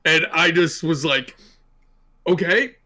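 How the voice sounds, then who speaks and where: A man's voice: on the high side, moderate pace. A man co-hosting a podcast, telling a gaming story and acting out his own panic. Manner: excitable, acts out his panic. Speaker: podcast co-host. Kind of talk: casual storytelling chat.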